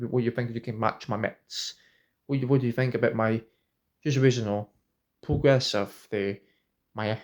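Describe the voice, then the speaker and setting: Halting man talking to camera. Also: medium pitch. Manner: halting, restarts and repeats words often. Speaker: vlogger. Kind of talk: casual talk to camera.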